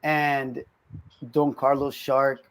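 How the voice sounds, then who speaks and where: A man's voice: medium pitch, completely flat delivery, extremely slow, clean tone. A man chatting casually on a livestream in an easygoing, rambling way. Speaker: livestream guest. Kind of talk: casual chat on a video call.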